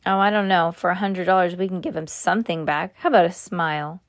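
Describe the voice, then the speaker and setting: A woman voicing a short, heavyset male clown who jokes in a gruff way. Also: fairly low pitch, fairly quick, lightly acted. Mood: joking. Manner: gruff, joking.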